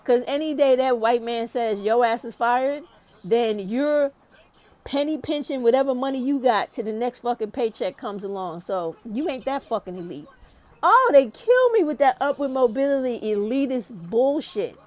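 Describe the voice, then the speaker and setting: A woman's voice: fairly high pitch, expressive, normal speed, a little mellow. A woman delivering a heated, profane opinion rant as a YouTube commentator. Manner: profane, ranting and emphatic.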